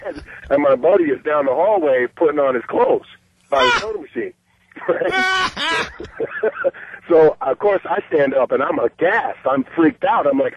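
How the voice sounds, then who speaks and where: A man's voice: on the high side, wildly swooping pitch, a little slow, slight background noise. A brash, boastful middle-aged man calling in to a radio show and telling a long story. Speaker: caller. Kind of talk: phoned-in storytelling. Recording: muffled phone line.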